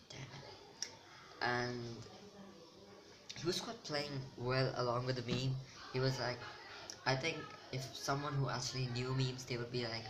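A man's voice: medium pitch, fairly even intonation, a little slow, pauses often. Rambling teen guy with a noisy mic. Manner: rambling, self-mocking, loses his train of thought. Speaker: vlogger. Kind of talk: casual chat to camera. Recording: noisy home recording.

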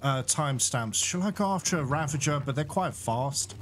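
A man's voice: fairly high pitch, expressive, moderate pace, heavy background noise. A man giving chatty let's-play commentary, laughing often and bursting out in exasperation at the game. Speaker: gaming YouTuber. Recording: game music playing behind the voice.

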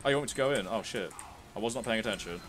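A man's voice: on the low side, expressive, rapid-fire, noisy background. Sweary young man streaming. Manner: sweary, joking, chatty. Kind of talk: casual gameplay commentary.

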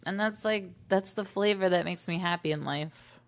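A woman's voice: lowish voice, moderate pace. A woman from New York co-hosting a podcast, chatting casually, laughing often and swearing freely. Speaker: podcast co-host. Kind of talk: casual chat.

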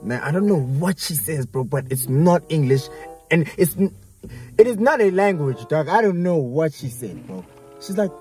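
A man's voice: on the high side, big pitch swings, normal speed, darkish tone, faint music behind. A young man hosting a vlog, telling a story in a casual, slangy way and laughing often. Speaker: vlog host.

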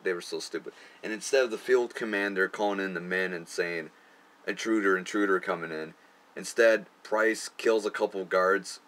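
Crude, very deep-voiced young man. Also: normal speed, hardly any pauses, a bit bright. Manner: crude, profane, laughs at himself. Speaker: amateur filmmaker looking back on his film. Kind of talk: casual commentary.

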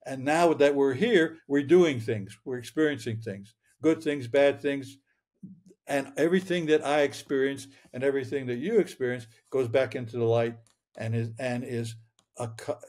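A man's voice: medium pitch, normal speed, darkish tone. An older man in his eighties speaks as a guest in an interview, telling his own story. He is earnest and reflective, circles back to restart his phrases, and chuckles now and then. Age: 80s.

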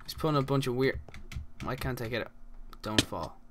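A man's voice: mid-range voice, lively intonation, moderate pace. An Irish man giving casual, rambling commentary while playing a game, full of crude jokes and asides. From Ireland. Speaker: gaming channel host.

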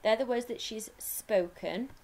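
A woman with an English accent, a primary school teacher giving a recorded lesson, explaining step by step and slowing down to dictate. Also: fairly high pitch, darkish tone.

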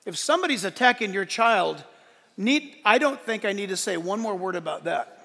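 A man preaching a sermon with a high, bright, forceful voice. He swings between loud emphatic shouts and soft asides. The sound rings with long reverb from a large church sanctuary. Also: animated, moderate pace, vocal fry. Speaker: pastor.

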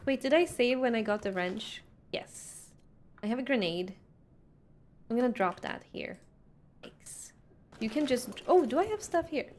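Chatty higher-voiced woman streamer. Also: lively intonation, unhurried, long pauses, darkish tone, slight background noise. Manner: chatty, asks her chat questions, laughs often. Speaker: game streamer. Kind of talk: casual live-stream chat while playing.

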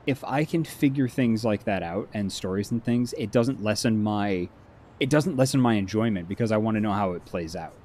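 A man's voice: on the low side, normal speed, a little hiss or hum. A man co-hosting a game stream, chatting casually and acting out other people's lines as he tells a story. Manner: animated storyteller, acts out friends' lines. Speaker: stream co-host. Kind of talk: casual chat.

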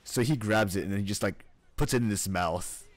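A man's voice: lowish voice, fairly quick. A man in his twenties chatting casually while gaming, telling a rambling story and laughing often. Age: 20s. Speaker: streamer.

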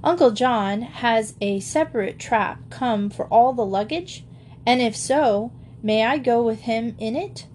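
A woman's voice: on the high side, slight background noise, lightly acted. A woman voicing a small, self-assured boy who fusses over his pets in a storybook. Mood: earnest. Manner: brisk, excited, self-assured.

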